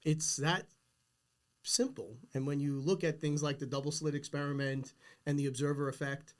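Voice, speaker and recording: A middle-aged man hosts a podcast, speaking earnestly and emphatically in a casual, philosophical conversation. His voice is a little high with a steady tone, and he talks at normal speed.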